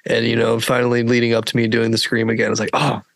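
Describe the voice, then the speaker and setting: A man's voice: medium pitch, monotone, racing, dry recording. A man hosting a podcast, telling a long story in a loose, rambling way, full of fillers and swearing. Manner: rambling, laid-back, heavy with "like" and swearing. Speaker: podcast host. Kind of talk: casual storytelling chat.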